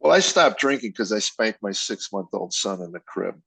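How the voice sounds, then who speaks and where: A man's voice: on the low side, lively intonation, normal speed, vocal fry, bright, forceful tone, husky, dry recording, low-quality recording. An older man, a comedian guest, telling candid personal stories with emotion and acting out quoted dialogue.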